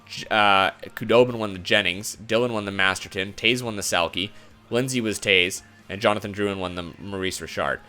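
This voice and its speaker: A man's voice: lowish voice, fairly even intonation, normal speed, bright, forceful tone, soft background music. A young man giving frustrated, swearing commentary while he plays a hockey game. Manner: exasperated, swearing, ranting. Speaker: gaming video host.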